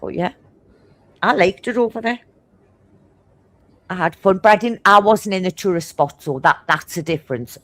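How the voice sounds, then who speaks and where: A woman with a broad Geordie accent, blunt and swearing constantly as she tells animated stories in casual chat. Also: medium pitch, no room sound. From Newcastle, England. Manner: talks fast.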